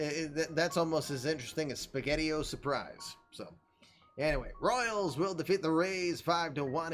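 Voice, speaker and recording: A man hosting a casual recap of an online baseball league, tired and yawning, chatty and laughing at his own jokes. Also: mid-range voice. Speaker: host reading online league baseball results. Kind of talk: casual game recap commentary.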